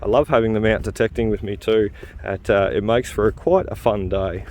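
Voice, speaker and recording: A man's voice: fairly low pitch, steady tone, brisk, darkish tone, a little hiss or hum. A man, hosting a detecting vlog outdoors in casual, chatty talk. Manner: chatty, laughs easily, many uh fillers. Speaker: detecting channel host. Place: outdoors in a field.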